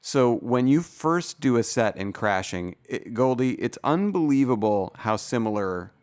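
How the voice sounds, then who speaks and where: A man's voice: medium pitch, lively intonation, measured pace, darkish tone. A man hosting a comedy podcast, chatting casually and enthusiastically with a rambling, swearing manner. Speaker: podcast host.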